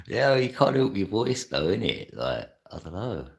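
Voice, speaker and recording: A man's voice: lowish voice, gravelly. A man from London hosting a live stream, rambling casually, laughing often and answering viewer chat.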